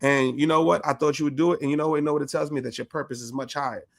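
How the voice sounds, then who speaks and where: A man co-hosting a podcast, telling a story in a lively, animated way, full of laughter, slang and swearing. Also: a little high, rapid-fire, creaky. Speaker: podcast co-host. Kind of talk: casual storytelling chat.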